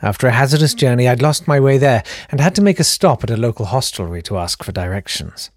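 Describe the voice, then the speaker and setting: Husky British man reading deadpan comedy. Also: mid-range voice, quick pace, no room sound, studio quality. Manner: deadpan, mock-grand narration. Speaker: storyteller. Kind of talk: comic story reading.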